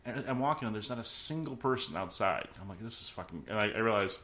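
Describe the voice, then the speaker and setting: Male host, 30s, lowish voice, loose rambling storyteller. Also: expressive, fast talker, pushed and bright. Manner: rambling, full of "like" and restarts. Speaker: podcast host. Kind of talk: casual storytelling.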